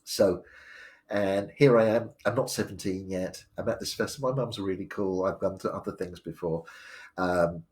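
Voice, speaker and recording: A man's voice: sits low, fairly even intonation, moderate pace, darkish tone. A man, telling his life story live, rambling with many fillers and restarts. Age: 60s. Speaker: storyteller sharing his memoir.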